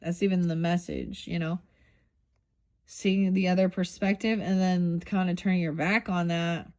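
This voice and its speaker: A woman's voice: on the low side, fairly even intonation, moderate pace, a little mellow. A middle-aged woman doing a casual tarot reading, thinking aloud, rambling and swearing offhandedly. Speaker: tarot reader.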